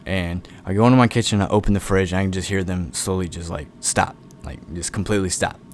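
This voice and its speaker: A man's voice: low-pitched, steady tone, fast talker, slight background noise. A young man casually telling a long personal story, laid-back and rambling, with lots of swearing.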